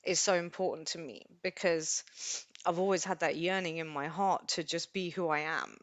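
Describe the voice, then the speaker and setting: A woman hosting a live stream, talking in an unscripted, rambling and expressive way while close to tears. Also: fairly low pitch, moderate pace, no room sound. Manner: rambling, expressive, self-deprecating. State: tearful, emotional.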